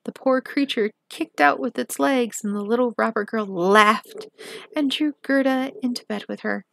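Gravelly-voiced woman reading a fairy tale. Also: fairly high pitch, slight background noise. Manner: measured, expressive. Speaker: storybook reader.

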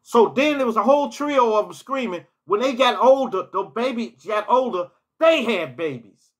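A man's voice: extremely high pitch, expressive, moderate pace. A man telling personal stories in a casual storytime vlog, rambling and often repeating words and restarting his phrases.

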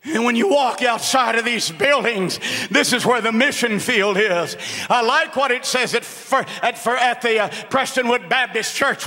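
A man preaching a revival sermon as an evangelist, fervent and shouting at peaks, then dropping to a hush to tell a story. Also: extremely high pitch. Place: large church hall with congregation. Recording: long reverb of a big church hall.

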